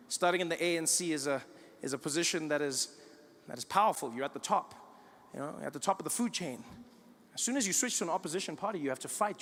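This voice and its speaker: A man doing an animated stand-up comedy routine, acting out characters. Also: a little high. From South Africa. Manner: animated storytelling, acts out characters. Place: live comedy venue. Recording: reverberant live venue with noise.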